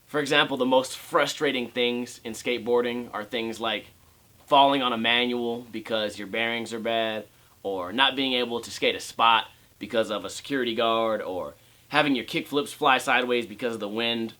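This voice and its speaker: In a casual rant-style vlog shot at home, a young man talks skateboarding with sarcasm and profanity, frequently mocking how others speak. He has a mid-range voice, a moderate pace, and a bright, forceful tone.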